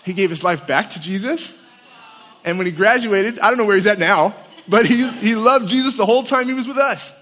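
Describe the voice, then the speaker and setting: Male campus pastor, high voice, lively storytelling sermon, echoing hall. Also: a little fast. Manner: animated storyteller acting out quotes. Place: large hall at a winter camp. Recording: long reverb of a hall.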